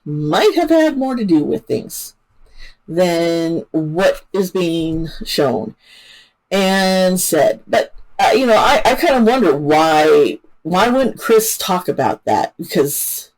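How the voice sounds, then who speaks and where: A woman's voice: on the low side, sing-song, slow pace, a little mellow, rough recording. Chatty, emotional woman talking true crime. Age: adult parent. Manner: chatty, emotional, with frequent fillers and restarts. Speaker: channel host. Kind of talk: casual true-crime commentary.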